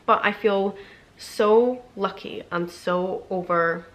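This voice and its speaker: A young woman with a British accent, chatting excitedly through an unboxing vlog, gushing and filling her talk with "like". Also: medium pitch, takes it slowly. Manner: gushing, chatty, many fillers like "like". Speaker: beauty and lifestyle vlogger.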